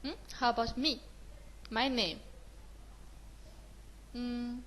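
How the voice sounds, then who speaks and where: A woman's voice: fairly high pitch, fairly even intonation, slow, long pauses, fairly bright tone, slight background noise, low-quality recording. A woman with a Mandarin Chinese accent teaching a beginner lesson, mixing English with Mandarin and praising often. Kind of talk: slow, encouraging beginner lesson.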